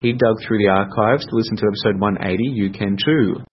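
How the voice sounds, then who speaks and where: Speaking a little fast in a lowish, steady voice, a man hosts a casual solo podcast from a room at home. He is chatty and rambling and often corrects himself, captured on a computer mic with dull lo-fi audio and faint noise.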